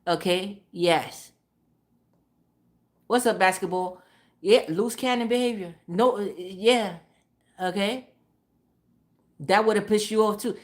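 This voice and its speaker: A woman's voice: medium pitch, slow, long pauses. A woman streamer telling a casual story, swearing freely and repeating phrases for emphasis. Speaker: live streamer.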